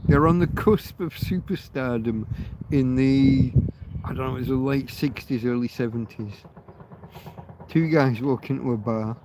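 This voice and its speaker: Against a noisy background, a man with a mid-range voice hosts a livestream, laughing through tears. His chat rambles casually, packed with fillers and restarts.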